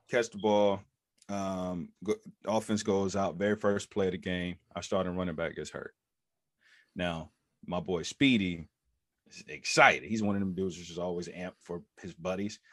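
A man's voice: on the low side, dry recording, studio quality. A man in his thirties, a former football player, telling a story as a podcast guest, acting out other people's lines in raised voices. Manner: lively storyteller who acts out quotes in raised voices. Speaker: former NFL running back, podcast guest. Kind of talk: animated storytelling in an interview.

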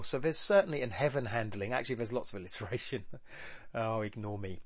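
A man's voice: medium pitch, animated, fast, no echo. Man musing aloud over a poem, dry sound. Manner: rambling, self-correcting, with filler ums and restarts. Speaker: podcast host analysing poetry. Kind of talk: casual spoken analysis, thinking aloud.

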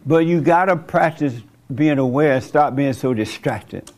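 A man's voice: fairly high pitch, measured pace, darkish tone. A man preaching an informal sermon to a small group, conversational, asking rhetorical questions and chuckling at his own points.

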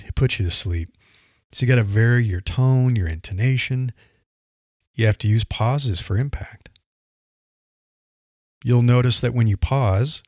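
A man hosting a solo podcast, coaching listeners in a casual conversational way with changing pace and pauses. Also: mid-range voice, gravelly, darkish tone, no room sound, lo-fi sound. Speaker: podcast host. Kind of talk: solo podcast advice monologue.

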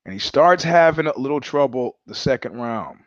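A man hosting a podcast, talking in a casual monologue. He is an animated storyteller who acts out quoted voices, swears freely and often restarts his sentences. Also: mid-range voice, normal speed, no echo, highs cut off. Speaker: podcast host.

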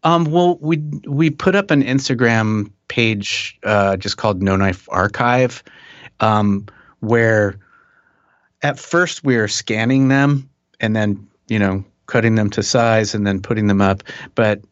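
A middle-aged man, a musician guest, telling stories in a relaxed, chuckling way with many restarts. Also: fairly low pitch, slow pace, no room sound. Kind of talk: casual interview chat. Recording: dull dry podcast audio.

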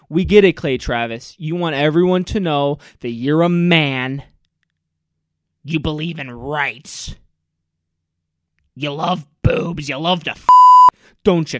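Loud sarcastic ranting man, high-pitched. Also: no room sound, studio quality. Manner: loud, mocking, sarcastic, swings into jeering mimicry. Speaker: podcast host. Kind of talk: angry ranting commentary.

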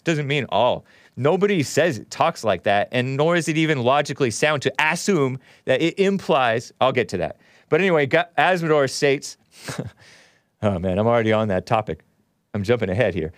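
A man's voice: mid-range voice, animated, moderate pace, dry recording, clean studio sound. A man hosting a call-in show, talking in a rambling way that often breaks off and laughs. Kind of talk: casual call-in talk.

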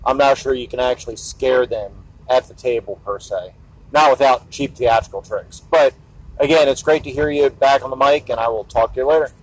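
A man's voice: mid-range voice, moderate pace, no room sound, rough recording. A man with a mid-range voice records a friendly, chatty voice message from inside a van. His sound is close and dry. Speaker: podcaster leaving a voice message. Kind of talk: casual voice message.

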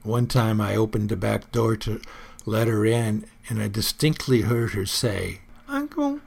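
A man's voice: on the low side, creaky. A man hosting his own personal report, musing aloud in an earnest, casual monologue.

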